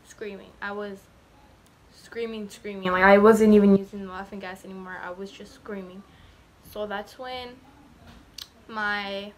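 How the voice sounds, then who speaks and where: Rambling teen girl telling her story. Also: mid-range voice. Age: late teens. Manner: rambling, repeats herself, lots of "like". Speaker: vlogger. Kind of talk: casual storytelling vlog.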